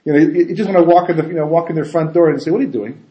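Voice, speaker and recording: A man giving a casual Torah talk as a rabbi, animated and full of rhetorical questions and asides. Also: fairly high pitch, very fast, highs cut off. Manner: animated, rhetorical questions, frequent "you know" and "right?". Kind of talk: casual conversational Torah lecture. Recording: echoey room.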